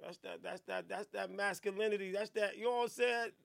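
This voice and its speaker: A man hosting a radio podcast, riffing in casual, profane, animated banter. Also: high voice, brisk, gravelly. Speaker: radio show host. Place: radio studio.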